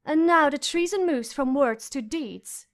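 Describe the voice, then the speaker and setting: A woman voicing a cold, scornful queen in an audiobook, speaking haughtily with a raised pitch. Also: a little slow. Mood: commanding. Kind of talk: audiobook character voice.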